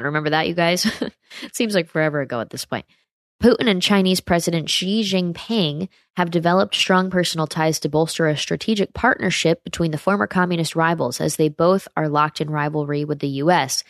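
A woman's voice: deep voice, no room sound, clean studio sound. An American woman hosting a political commentary show, reading news aloud with sarcastic, chatty asides to her viewers.

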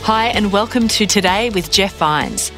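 A woman reading a scripted show introduction as the program announcer in a smooth read. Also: medium pitch, unhurried, a bit bright. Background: music bed.

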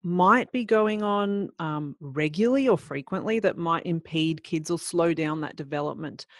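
Interview host, gravelly fry in the voice, dry close sound, friendly probing questions. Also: mid-range voice, normal speed, a bit bright, no room sound. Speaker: podcast host.

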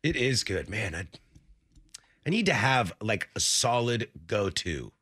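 A man's voice: on the low side, very animated, measured pace, sharp tone, husky, dry recording, studio quality. A young man hosting a sports radio show, chatting casually and jokingly with his co-host. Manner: laid-back, jokey banter. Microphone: studio microphone.

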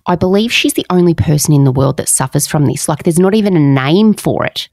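A woman co-hosting a podcast in casual chat, blunt and quick with frank asides. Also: low-pitched, animated, creaky, darkish tone, no room sound. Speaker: podcast co-host.

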